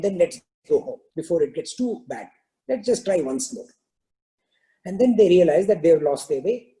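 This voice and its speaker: A man's voice: fairly high pitch, dark tone, rough recording. A man giving a spiritual teaching, explaining terms and telling a parable in a loose, filler-filled storytelling way. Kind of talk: scripture talk with a parable.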